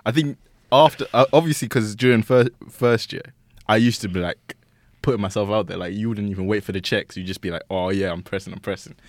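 A young man, co-hosting a casual chat podcast, telling stories with lively acted-out voices. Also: on the low side, fairly quick. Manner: animated storytelling, acts out voices, laughs often. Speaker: podcast co-host.

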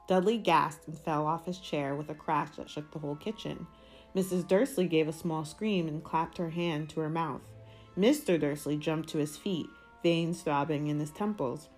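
A woman reads a novel aloud with a very low voice. She takes a measured, deliberate pace through the narration. Faint music sits behind her. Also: a little mellow. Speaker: reader.

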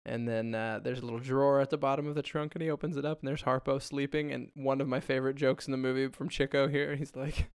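Gravelly man retelling a film. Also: medium pitch, fairly even intonation, quick pace, hardly any pauses, dry recording, studio quality. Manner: laughing, loose retelling with quoted voices. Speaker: podcast co-host. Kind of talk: casual chat.

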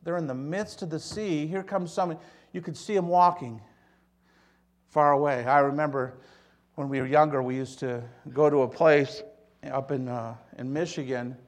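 A preacher tells a story from the pulpit, his voice sitting a bit higher than most men's. He swings between loud, pressing lines and hushed, quiet ones. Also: steady tone, moderate pace. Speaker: pastor. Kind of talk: sermon.

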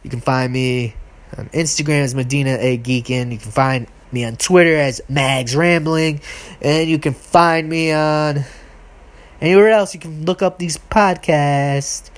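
A woman hosting her own podcast, delivering a heated, exasperated solo rant with profanity and sudden high outbursts. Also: a little slow. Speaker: podcast host. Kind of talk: solo ranting monologue.

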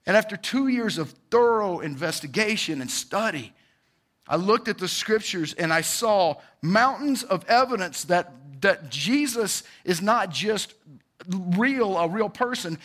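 A man, giving a casual, lively testimony to a church congregation and calling out to the crowd. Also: high-pitched. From Georgia, US. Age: 40s.

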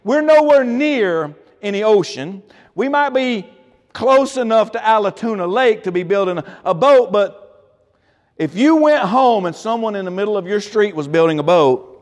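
A man preaching a sermon as pastor, with sudden drops and swells and slow, emphatic stresses. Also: high voice. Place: church sanctuary. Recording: long church reverb.

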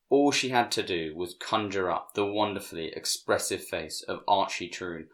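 Casual: deep guy reading a dark story aloud, slow and measured, goes quiet for quotes. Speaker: narrator. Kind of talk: storybook narration.

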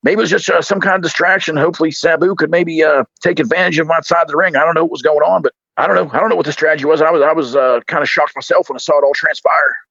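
Gravelly, rambling male co-commentator. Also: fairly high pitch, steady tone, very fast, hardly any pauses, fairly bright tone, dry recording, muffled recording. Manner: rambling, folksy. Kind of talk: comedic commentary.

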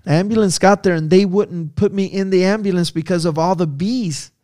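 A man, a missionary pastor, excitedly telling a personal story in quick bursts. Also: sits high, no echo, studio quality.

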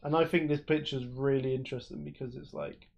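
Male podcast co-host, mid-pitched, rambling friendly explainer. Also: steady tone, brisk, creaky, darkish tone, muffled recording. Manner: chatty, explains at length with many fillers. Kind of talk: casual chat.

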